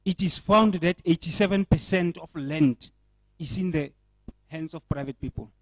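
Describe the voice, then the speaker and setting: A man's voice: on the high side, normal speed, dry recording, rough recording. Earnest South African man, dry sound. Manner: earnest, repetitive restarts, rhetorical questions. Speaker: panel speaker. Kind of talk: panel discussion remarks. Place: indoor event.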